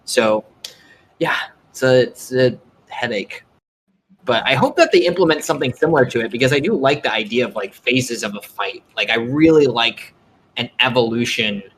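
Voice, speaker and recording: A man hosting a casual gaming chat, talking in an animated, rambling way with lots of fillers. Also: mid-range voice, moderate pace, a little hiss or hum, low-quality recording. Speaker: podcast host.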